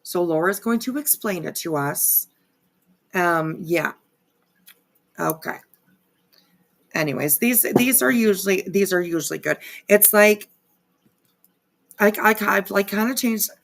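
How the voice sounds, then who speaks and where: A woman's voice: mid-range voice, expressive, measured pace, vocal fry, long pauses. A woman hosting a casual live stream, rambling with lots of fillers and frequent swearing. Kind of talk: casual livestream commentary.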